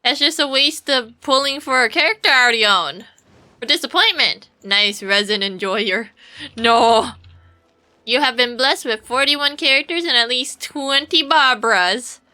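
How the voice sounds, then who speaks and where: A woman's voice: high-pitched, normal speed, pushed and bright. A woman streamer giving casual gameplay commentary, rambling playfully to her viewers and swearing now and then.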